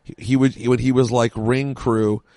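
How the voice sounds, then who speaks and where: A man talking casually on a podcast while an old match plays, cracking jokes and drifting into rambling asides. His voice sits at an ordinary middle pitch. The sound is dry, with no room echo. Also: flat delivery, moderate pace, mellow. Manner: chatty, jokey, rambling asides. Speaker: podcast co-host.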